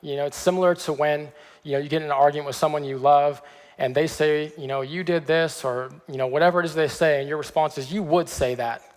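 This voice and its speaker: Man, pastor, sermon, conversational, somewhat high voice, long church reverb. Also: steady tone, fast. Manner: conversational, frequent "okay" check-ins. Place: church sanctuary.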